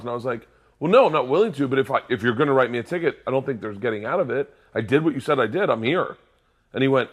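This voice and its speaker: A man co-hosting a podcast, telling animated stories and laughing along in casual chat. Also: medium pitch. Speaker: podcast co-host.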